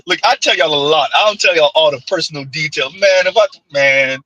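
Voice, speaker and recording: Man, high and raspy, very animated, sharp-toned co-host, dry close sound. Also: brisk, no room sound, dull audio. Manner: animated storyteller, rhetorical questions, laughs often. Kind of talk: casual chat.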